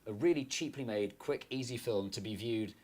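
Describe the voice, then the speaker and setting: A man, a guest on a casual film chat, telling animated stories with quick asides. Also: mid-range voice.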